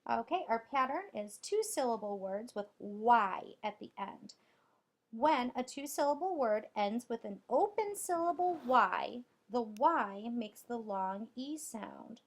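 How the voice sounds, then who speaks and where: A woman teacher with a slightly high, animated voice gives a recorded spelling lesson for young children. She deliberately spells out letters and claps out the syllables.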